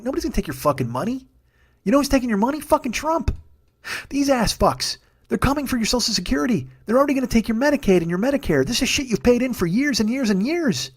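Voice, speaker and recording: A man's voice: very high-pitched, animated, fast talker, husky. A man in his forties hosting a solo comedy podcast, ranting in a heated, profane way and rambling through plugs with lots of fillers. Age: 40s. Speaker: podcast host.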